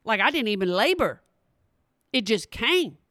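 A woman, telling a personal story in an animated, emphatic way and speaking straight to her listeners. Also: a little high, a little slow, no room sound, clean studio sound.

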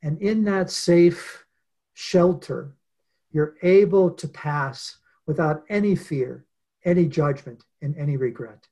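A man being interviewed as a guest author, telling a story in an earnest, unhurried way with many pauses. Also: fairly high pitch, warm tone. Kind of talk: reflective storytelling in conversation.

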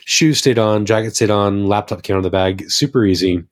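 On a podcast, an American man with a very low, deep voice chats casually, telling stories with enthusiasm and tending to ramble. He sounds relaxed and conversational and talks a little fast.

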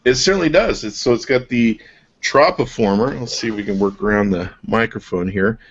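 A man's voice: on the low side, fairly quick, slightly rough. A man hosting a podcast, enthusiastic and joking as he shows off a product, laughing often. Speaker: podcast host. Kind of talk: casual product chat. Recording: dull lo-fi podcast audio.

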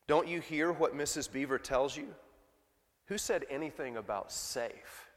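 A man voicing a gruff, emphatic male beaver with a put-on British accent, speaking slowly and weightily. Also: fairly high pitch, close to an everyday voice. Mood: insistent. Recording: long church reverb.

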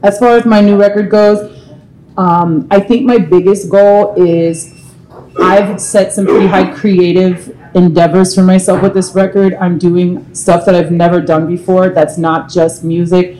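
Lowish dark-voiced woman, cussing storyteller on a live bar panel. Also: unhurried, rough recording. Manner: profane, animated storyteller. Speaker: touring R&B singer, guest. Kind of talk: candid live panel talk.

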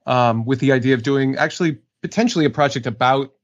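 A male voice actor rambles through casual interview answers, stopping to correct himself and filling gaps with ums and you-knows. His pitch sits in a middle range. The audio is dull and lo-fi. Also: quick pace. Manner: rambling, self-correcting, filler-heavy. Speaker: voice actor guest.

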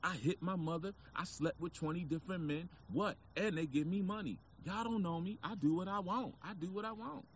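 Man doing a high, taunting teenage girl, brash, dismissive, muffled recording. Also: fairly quick, hardly any pauses, slight background noise, lightly acted. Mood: defiant. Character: defiant unruly teenage talk-show girl.

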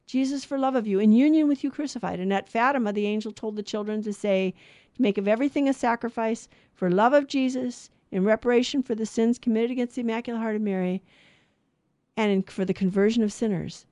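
Female radio Bible co-host, higher register, earnest teaching read, dry close studio mic. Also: fairly quick, dry recording. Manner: earnest, lists virtues and sins in steady cadence.

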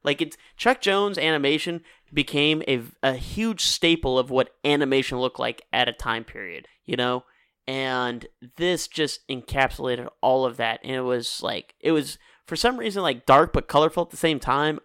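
A podcast co-host chats casually and animatedly, laughing often. His voice is medium-pitched, fairly bright, and clean at a normal speed, in a dry, studio-quality recording.

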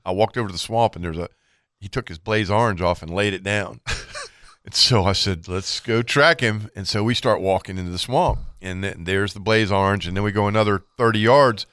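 A man with a fairly low voice tells a rambling hunting story on a talk show. He acts out the back-and-forth of the people in it as he goes. The sound is close and dry, with no room echo. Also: fairly quick, clean tone. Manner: animated storyteller, acts out quoted exchanges. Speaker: fishing show co-host. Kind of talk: casual storytelling.

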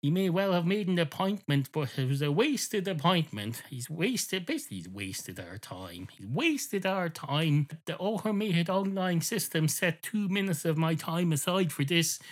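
A man hosting a podcast, telling an absurd story in a rambling, deadpan comic monologue. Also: fairly high pitch, measured pace. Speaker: podcast host.

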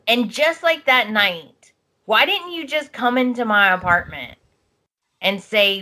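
A woman's voice: mid-range voice, expressive, pushed and bright. A young adult woman co-hosting a podcast, chatting casually and acting out lines as she recaps. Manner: slow, chatty, acts out lines in changing voices. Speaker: podcast co-host. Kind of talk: casual chat recapping a soap opera.

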